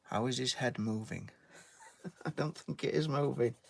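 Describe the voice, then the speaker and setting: A man's voice: medium pitch, a little slow, vocal fry, slightly rough. A British man chatting casually while giving a drawing tutorial and thanking viewers. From Britain. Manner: chatty, reads out viewer names and thanks them, "mate". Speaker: artist live-streaming.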